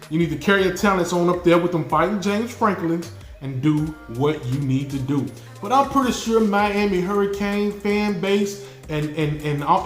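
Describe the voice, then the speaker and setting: A man with a fairly high voice hosts a casual football fan reaction, emphatic and repetitive in his delivery. The room around him is echoey. Faint music plays underneath. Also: fairly bright tone. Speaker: sports channel host.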